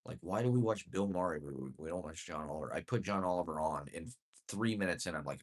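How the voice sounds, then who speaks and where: Man, deep voice, sardonic, self-mocking, profane, rambling monologue. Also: fast, hardly any pauses. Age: adult. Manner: sardonic, self-deprecating, profane, chuckling asides.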